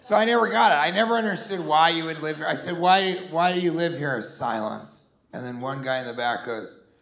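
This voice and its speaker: A man in his forties doing a rambling, sarcastic stand-up set, sometimes bursting into shouted put-on voices. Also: on the high side, fairly quick, gravelly, slight background noise. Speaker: stand-up comedian. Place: comedy club stage before a laughing audience. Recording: roomy live club sound with crowd.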